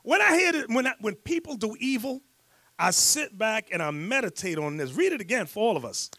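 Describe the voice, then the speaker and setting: A man leading a scripture class as bishop, preaching fiery and loud, breaking into rants and shouts. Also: sits high, sing-song, fairly quick, no echo, studio quality. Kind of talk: sermon with rant and teaching.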